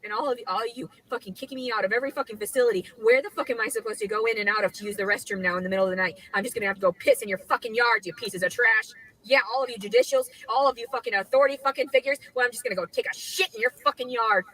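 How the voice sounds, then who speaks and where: A woman's voice: on the high side, rapid-fire, hardly any pauses, bright, forceful tone, rough recording. A woman ranting furiously and swearing, recorded outdoors in a clip. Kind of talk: angry ranting video clip. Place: outdoors outside a store.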